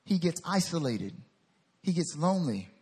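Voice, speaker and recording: A man delivers a sermon with a husky, somewhat high voice. He is animated and acts out the voices in the scripture story. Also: normal speed, long reverb tail. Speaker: pastor.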